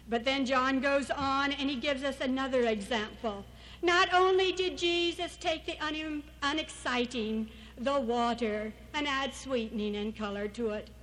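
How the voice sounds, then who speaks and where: A woman's voice: high voice, fairly bright tone, low-quality recording. A woman giving an anecdotal church talk as a missionary speaker, storytelling and acting out the people she quotes.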